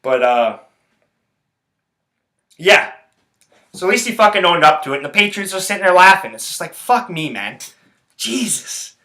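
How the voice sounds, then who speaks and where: A man's voice: sits high, big pitch swings, moderate pace, pauses often, pushed and bright. Man, podcast host, casual sports rant, profane, rambling, heated, echoey room.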